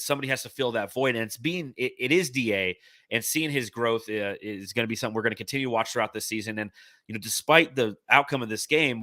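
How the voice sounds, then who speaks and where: A man with a bright, forceful voice co-hosts a casual sports podcast. He talks in energetic, upbeat bursts. The sound is dry and close, with no room around it. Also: mid-range voice, no echo. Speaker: podcast co-host.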